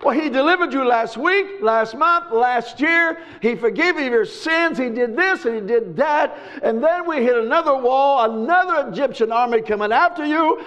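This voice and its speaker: A man preaching a sermon, emphatic and repetitive, with sudden shouts. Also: very high-pitched, expressive, moderate pace, few pauses. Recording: dull lo-fi recording.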